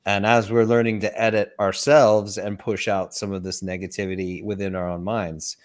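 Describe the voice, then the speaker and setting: Male guest, very low voice, quiet and affirming. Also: little pitch movement, normal speed. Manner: quiet, affirming, frequent agreeing murmurs. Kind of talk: casual podcast discussion.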